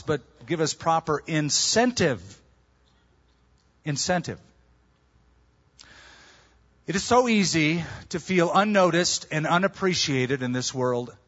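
A man preaching a sermon, his voice sitting a little high for a man. He tells stories with lively rises and drops in pitch and loudness. The recording sounds dull and lo-fi. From California. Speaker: pastor.

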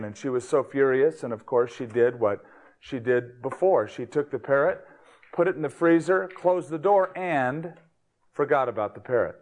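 A man preaching a sermon, opening with a joke in an easygoing, folksy storytelling manner. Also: medium pitch. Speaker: pastor.

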